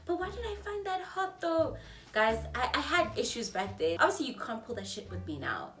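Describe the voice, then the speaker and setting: Animated young South African woman vlogger. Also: fairly high pitch, fairly quick, roomy sound, recorded from a distance, faint music behind. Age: 20s. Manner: animated, chatty, acts out dialogue in shifting voices. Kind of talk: storytime vlog.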